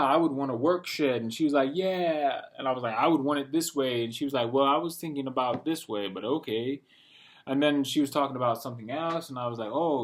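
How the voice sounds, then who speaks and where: Talking to the camera from home with his dogs close by, a young vlogger in a medium pitch wanders from thought to thought, dropping "bro" nonstop. He acts out conversations, imitating himself and other people in small voices.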